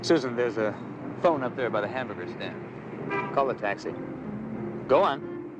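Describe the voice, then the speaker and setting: A man's voice: mid-range voice, expressive, unhurried, dull audio, background noise, natural voice. An actor playing a stern male police detective who warns a young woman in an old TV crime drama. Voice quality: firm, warning. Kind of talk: 1970s TV crime drama acting.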